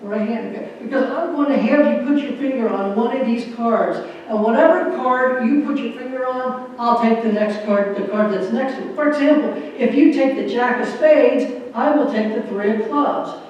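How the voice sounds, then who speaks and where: A man's voice: very high voice, moderate pace, few pauses, darkish tone, highs cut off, slight background noise. A man giving an earnest, folksy stage talk with a magic trick, joking with a church audience. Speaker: magician and motivational speaker. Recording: echoey hall from far off.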